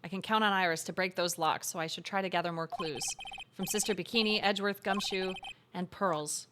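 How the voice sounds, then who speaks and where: A woman doing a low-voiced young lawyer. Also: steady tone, noisy background, natural voice. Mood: thoughtful. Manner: lower, measured narration. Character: earnest young male defense lawyer. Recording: game music playing behind.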